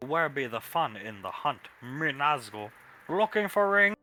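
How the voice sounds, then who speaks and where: A man's voice: a little high, very animated, a little slow, pushed and bright, soft background music, exaggerated voice. A man voicing a brutish, dim-witted male creature who speaks in broken grammar. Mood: gruff. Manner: caveman-style broken grammar, gruff.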